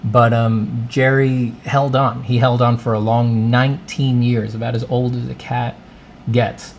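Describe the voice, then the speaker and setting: A man telling a long, rambling, deadpan story in a soft ASMR voice while he draws, often wandering off into side remarks. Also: mid-range voice, measured pace, gravelly, slight background noise. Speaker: artist and channel host.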